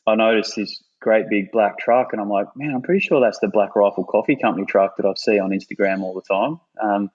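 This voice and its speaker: A man's voice: on the low side, a little fast, few pauses, breathy edge, dull audio. A man with an Australian accent, a podcast guest telling stories casually, swearing freely. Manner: swears freely, animated retelling. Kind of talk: casual storytelling.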